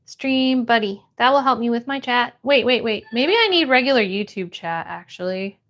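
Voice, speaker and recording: A young woman chatting casually on a live stream, reading chat aloud and greeting viewers with bright, bubbly hellos. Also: on the high side, lively intonation, moderate pace.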